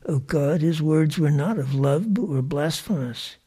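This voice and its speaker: A man's voice: a little high, unhurried, warm tone, slightly rough. A man reading as a stern scolding prophet. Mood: protesting. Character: stern prophet rebuking a boy.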